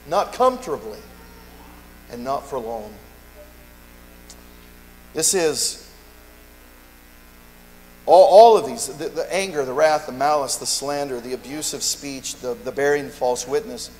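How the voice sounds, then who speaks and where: A man's voice: medium pitch, a little slow, pauses often, a little mellow. A man preaching a sermon in earnest, acting out little exchanges between churchgoers and often restarting his words. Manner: earnest preaching, acts out dialogue, frequent restarts. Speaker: pastor. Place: church sanctuary. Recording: long reverb, faint mains hum.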